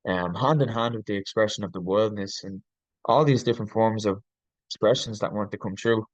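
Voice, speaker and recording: A man's voice: lowish voice, a little fast, no room sound, highs cut off. A man, a coach on a podcast, talking reflectively and earnestly, often restarting his sentences and searching for words with ums. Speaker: podcast guest, leadership coach.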